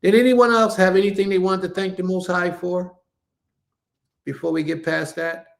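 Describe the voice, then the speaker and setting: A man's voice: sits high, level tone, moderate pace, gravelly. A man leading an online religious service over a live stream, preaching casually, repeating himself for emphasis and calling his listeners family. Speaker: congregation leader.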